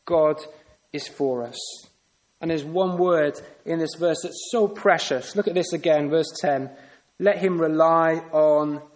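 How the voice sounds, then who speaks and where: A man delivers a sermon in an earnest, searching way. He keeps turning to his listeners with rhetorical questions. His voice sits a little higher than most men's. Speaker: preacher.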